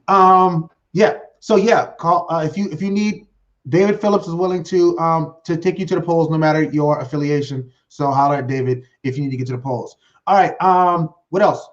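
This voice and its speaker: High-voiced man rambling excitedly. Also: highs cut off. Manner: rambling and excited, many fillers and restarts. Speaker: host. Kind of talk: solo livestream talk show. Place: home desk setup with green screen.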